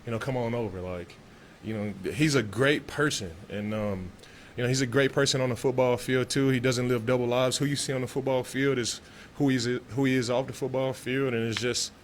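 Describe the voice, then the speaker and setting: A man's voice: medium pitch, fairly even intonation, a little fast, hardly any pauses, slight background noise. A man from Texas, a pro football player answering press questions in a loose, laid-back way with many restarts.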